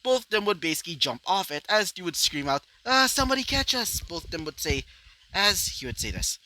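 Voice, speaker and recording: Male storyteller, improvised fan-fiction narration, rambling with constant fillers, bright and animated delivery. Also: fairly high pitch, fairly quick, rough recording. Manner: rambling, full of "you know" fillers.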